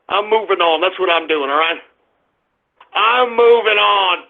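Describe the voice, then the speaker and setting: A high-pitched, gravelly man rants on his talk radio show, swearing and snapping at trolls before launching into politics. His voice is husky and rough. The sound is thin and tinny, like a phone line. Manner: ranting, profane, combative, shouting at trolls.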